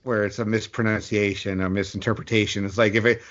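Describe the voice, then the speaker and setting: A man co-hosting a podcast in casual chat, talking haltingly with frequent restarts and joking about wordplay. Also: lowish voice, little pitch movement, fairly bright tone, dull audio. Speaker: podcast co-host.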